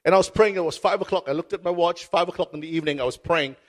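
Pastor, male, high-pitched, impassioned sermon storyteller who repeats key phrases. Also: very fast. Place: stage before a congregation.

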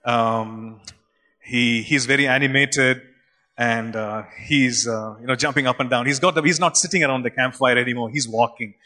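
A man preaching a sermon, retelling scripture stories in an animated, conversational way. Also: mid-range voice, moderate pace. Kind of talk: sermon storytelling.

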